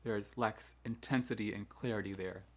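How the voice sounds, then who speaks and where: A man's voice: fairly low pitch, steady tone, moderate pace. Man teaching classroom management. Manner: demonstrates teacher commands in a firm, downward-inflected voice; conversational, with frequent "right?" asides and restarts. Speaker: choral music education host. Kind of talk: instructional talk on classroom management.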